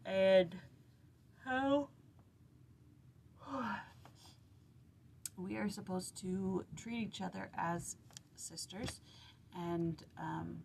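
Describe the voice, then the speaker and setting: A woman's voice: on the low side, vocal fry, darkish tone, a little hiss or hum, rough recording. A woman leading a casual early-morning scripture study, reading a devotional passage and then retelling the story in her own words with restarts. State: sleepy, blurry-eyed early morning.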